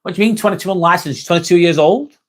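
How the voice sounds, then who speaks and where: This man's high, fairly bright voice moves very fast as he hosts a relaxed livestream. He talks straight to viewers, reading their messages aloud and answering with jokes and swearing.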